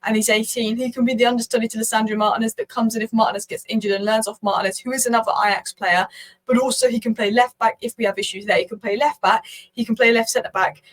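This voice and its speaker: A woman hosting her own football channel, giving rapid, opinionated commentary and thinking aloud as she talks. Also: on the high side, steady tone, low-quality recording. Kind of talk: casual talking-head commentary.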